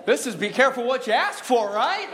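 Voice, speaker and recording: Male pastor, high voice, sermon style with call-and-response and slowed emphasis. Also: sing-song, fairly bright tone, a faint crowd. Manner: jokey, laughing asides. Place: church sanctuary.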